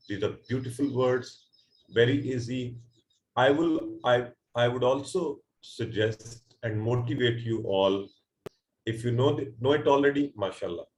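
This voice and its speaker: A man's voice: medium pitch, roomy sound, low-quality recording. A man teaching a Quran lesson, patient and repetitive, breaking words into small parts for his students. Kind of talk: recorded online lesson.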